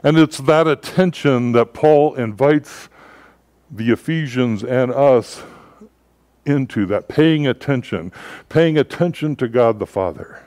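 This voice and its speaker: A man giving a sermon as a pastor, telling stories in a relaxed, conversational way with frequent filler words. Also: medium pitch, slow, no room sound.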